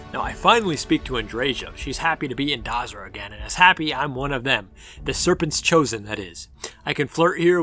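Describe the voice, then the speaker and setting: A man's voice: a little high, bright, forceful tone. A man narrating a sarcastic game review, ranting and exasperated. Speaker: gaming video reviewer.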